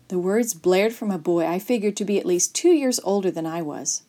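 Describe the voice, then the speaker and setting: Expressive woman reading a children's story. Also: lowish voice, normal speed, few pauses, faint music behind.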